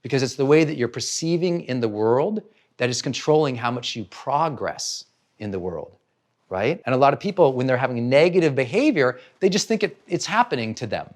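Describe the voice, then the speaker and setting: A man giving a motivational talk as a personal growth trainer, animated and asking rhetorical questions. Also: medium pitch, a little fast. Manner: animated, asks rhetorical questions and acts out examples.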